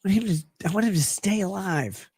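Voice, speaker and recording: A woman's voice: mid-range voice, animated, brisk, a little mellow, slightly rough, no echo. A woman in her thirties co-hosting a casual podcast, rambling through absurd jokes with laughs. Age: 30s. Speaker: podcast co-host. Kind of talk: casual comedic chat.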